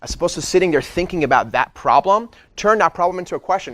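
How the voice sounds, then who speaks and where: A man giving an energetic training talk to a sales team, who keeps checking in with "right?" and acts out what clients say. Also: mid-range voice, fast talker.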